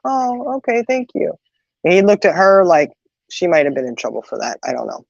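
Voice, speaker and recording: A woman's voice: deep voice, quick pace, creaky, no room sound. A middle-aged woman hosting a casual chat, retelling everyday stories with lots of asides. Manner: chatty, animated retelling with many asides. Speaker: host. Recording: dull, slightly muffled sound.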